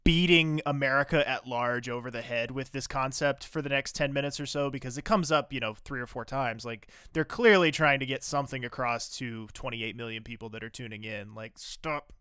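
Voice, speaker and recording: A man co-hosts a casual podcast, recapping a TV drama. His voice is bright and crisp, recorded dry and close. He rambles eagerly, full of "like" and "uh". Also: medium pitch, fairly quick, hardly any pauses, dry recording. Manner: enthusiastic, rambling with many fillers. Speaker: podcast co-host.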